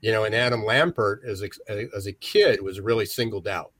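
A man with a low-pitched voice co-hosts a conversational interview. He rambles and restarts his sentences as he sets up his questions. The sound is dry and close. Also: a little fast, a bit bright, no echo. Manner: rambling, many restarts and fillers. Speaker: podcast co-host.

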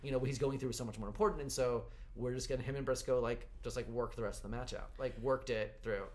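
Male host, mid-range voice, relaxed storyteller. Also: mid-range voice, fast talker. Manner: recounts stories with quoted dialogue. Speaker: podcast host. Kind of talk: casual chat, storytelling.

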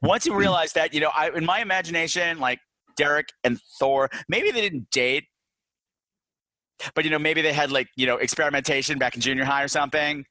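A man co-hosting a casual movie review chat, animated, campy and joking. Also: a little high, brisk, no echo. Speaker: podcast co-host.

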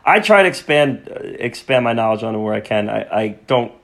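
A man's voice: mid-range voice, animated, fairly quick, vocal fry. Rambling male podcast host. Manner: rambling, repeats words, stumbles on foreign names. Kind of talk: casual film chat.

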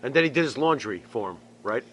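A man's voice: medium pitch, lively intonation, fast, crowd noise. A man hosting a podcast interview, chatting casually and throwing in playful, jokey asides. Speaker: podcast host.

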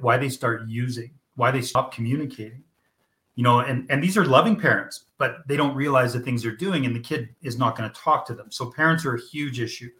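A middle-aged man talks candidly as an interview guest, in a voice of ordinary middle pitch. He is blunt and emphatic and swears freely to drive his points home. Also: bright, forceful tone. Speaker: guest, founder of a youth mental-health program.

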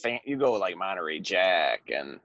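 A man's voice: low-pitched, big pitch swings, moderate pace, fairly bright tone, no echo, muffled recording. A man co-hosting a podcast, calling in from his parked car and chatting in an easygoing, rambling way. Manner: easygoing, laughing, rambling chat. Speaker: podcast co-host. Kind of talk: casual chat.

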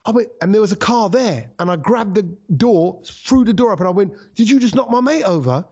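A man hosting a casual podcast, telling a story with lively acted-out quotes. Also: sits high, brisk, husky, highs cut off. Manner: animated storyteller who acts out quotes. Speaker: podcast host.

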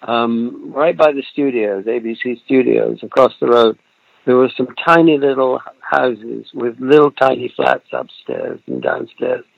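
Gravelly elderly man, muffled and dry. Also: mid-range voice, a little slow, no echo. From Britain. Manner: reflective storyteller, chuckles often, trails off mid-thought. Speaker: actor guest. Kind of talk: relaxed interview over a remote call.

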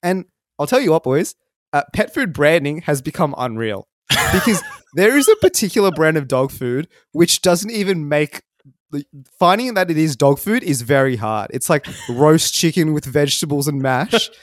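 A man's voice: fairly high pitch, normal speed, no room sound, studio quality. A man, co-hosting a podcast and animatedly telling a story in casual chat. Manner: animated storytelling, laughing as he talks. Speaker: podcast co-host.

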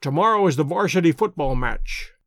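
Man playing a wry, measured detective. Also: fairly high pitch, animated, no echo, clean studio sound. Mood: probing. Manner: measured, courteous, gently ironic. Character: shrewd, calm male detective, dry and wry.

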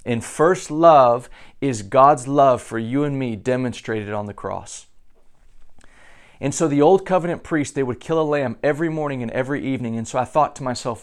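A middle-aged man, a pastor, giving an earnest devotional teaching, often repeating words as he builds a point. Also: mid-range voice.

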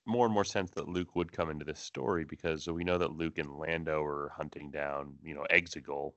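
A man co-hosting a fan podcast, casually building theories out loud. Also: a bass voice, fairly even intonation, a little fast, dry recording. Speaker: podcast co-host.

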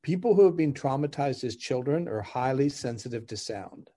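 A middle-aged man speaks as a podcast guest in an easy, conversational way, with a voice of ordinary middle pitch. He explains through stories, laughing now and then and acting out both sides of a conversation. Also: moderate pace. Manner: animated, laughs while explaining, acts out dialogue. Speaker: podcast guest, relationship coach. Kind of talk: conversational storytelling.

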